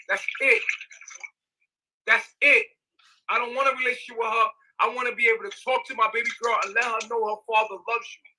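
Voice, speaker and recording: A man's voice: very high voice, fairly even intonation, fairly quick, pushed and bright, rough recording. Agitated man ranting on a livestream. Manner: agitated, repetitive, profane, emphatic.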